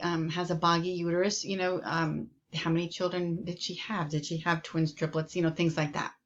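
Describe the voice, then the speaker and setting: A woman's voice: fairly low pitch, lo-fi sound. A woman nursing instructor giving a recorded lecture in a loose, conversational way, with frequent ums and repeated words. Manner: many ums, conversational and repetitive.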